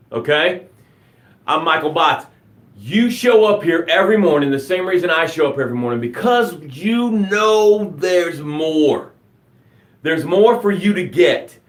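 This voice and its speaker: A man's voice: a little high, a bit bright, roomy sound. A man hosting a live motivational broadcast, talking with enthusiasm and a preachy, joking manner. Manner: enthusiastic, preachy, jokes and laughs at himself. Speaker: motivational show host.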